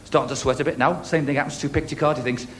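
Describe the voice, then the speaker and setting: A man's voice: medium pitch, steady tone, rapid-fire, noisy background. A man doing a stand-up routine on a talent show, firing off one-liners and chirpy asides to the audience. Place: TV studio stage before a live audience. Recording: echoey 1980s TV studio, loud audience.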